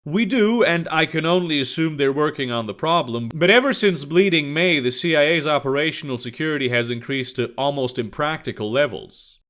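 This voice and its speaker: A man's voice: a little high, lively intonation, a little fast, hardly any pauses, fairly bright tone. A man doing an earnest young American spy.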